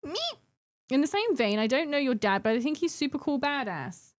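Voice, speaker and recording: A woman's voice: high voice, lively intonation, brisk. A young adult woman chatting casually with her live-stream chat while painting miniatures, giggling and bantering playfully.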